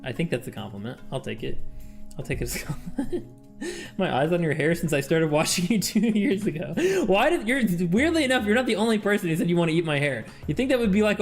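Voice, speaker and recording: A man streaming a game with his chat, chatting casually, laughing often and reading game text aloud. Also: on the high side. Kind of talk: casual livestream chat while playing a game with chat.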